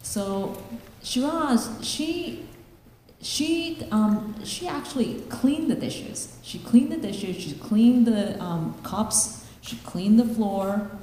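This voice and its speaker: A woman tells a children's story in a church, halting and restarting often as she goes. Her voice is mellow and dark. A long, booming echo fills the hall, with a faint noise underneath. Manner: halting, with many fillers and restarts.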